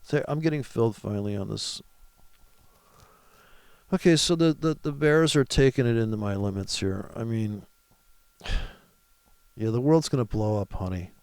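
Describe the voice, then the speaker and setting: Male trader, gravelly voice, rambling profane commentary, dry close sound. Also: mid-range voice, measured pace, long pauses, darkish tone, no echo. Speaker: forex trader. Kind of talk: casual live trading commentary.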